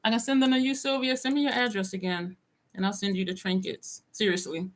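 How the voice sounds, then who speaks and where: A woman's voice: medium pitch, little pitch movement, fairly quick. A woman vlogger chatting casually on a live stream from her home desk, talking to viewers by name and reading their comments aloud.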